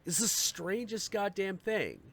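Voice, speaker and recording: A man with a high voice and vocal fry speaks a little slowly, with no echo. As host of a live stream, he tells a story in an animated, profane, casual rant, acting out the voices of those involved.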